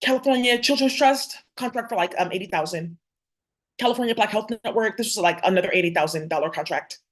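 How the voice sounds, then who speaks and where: Speaking straight to her viewers, a woman vlogger delivers a heated rant in a rapid, confrontational rush, swearing freely. Her pitch is an ordinary middle range, but her pace never lets up.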